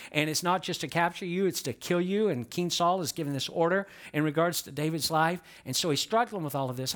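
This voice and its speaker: A middle-aged man preaching a sermon in church as pastor, emphatic and building in intensity, asking the congregation questions and calling for their responses. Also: fairly bright tone. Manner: emphatic, rising in pitch and volume as he preaches. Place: church sanctuary.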